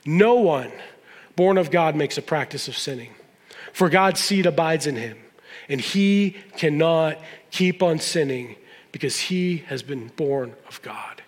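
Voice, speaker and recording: A man's voice: on the high side, animated, measured pace, in a large hall. A man preaching a sermon as a pastor, conversational and emphatic, with sudden stressed phrases.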